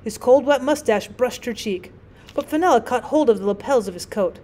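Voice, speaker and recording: A woman teacher narrating a classic short story as an audiobook, with clear, measured storytelling. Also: fairly high pitch, expressive. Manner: clear, measured storytelling with gentle voices for characters.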